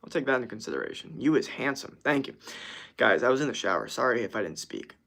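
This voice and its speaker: A man's voice: medium pitch, very animated, quick pace, vocal fry, fairly bright tone. A young man streaming casually, reading viewer comments aloud in a laid-back way and laughing easily. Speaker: streamer answering chat. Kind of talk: casual livestream chat.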